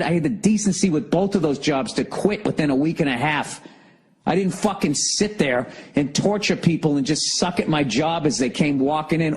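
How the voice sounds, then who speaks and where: Husky-voiced man ranting profanely. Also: fairly high pitch, darkish tone, poor audio. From United States. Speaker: podcast host. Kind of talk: solo comedic rant.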